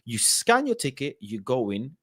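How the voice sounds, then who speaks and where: A man hosting a late-night call-in show, his voice at an ordinary middle pitch. He talks casually and with force, hammering his points home by repeating them. The sound is dry and close, with no room around it. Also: huge pitch swings, normal speed, fairly bright tone, breathy edge, dry recording. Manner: emphatic, repeats points for stress. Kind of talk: casual chat reading viewer comments.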